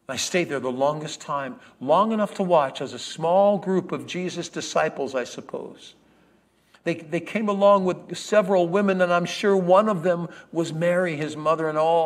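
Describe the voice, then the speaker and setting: An actor playing an earnest, grieving first-century lamb merchant in a dramatic first-person monologue, swinging from loud proclamation to hushed whispers. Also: male voice, medium pitch, close to an everyday voice. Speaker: actor in a Bible character monologue.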